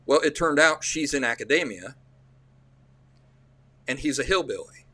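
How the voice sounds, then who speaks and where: A man's voice: medium pitch, expressive, normal speed, sharp tone, dry recording. A man with an Appalachian accent, hosting a livestream and telling rambling, folksy stories in a casual way. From central Appalachia. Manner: rambling, folksy, restarts often. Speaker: livestream host.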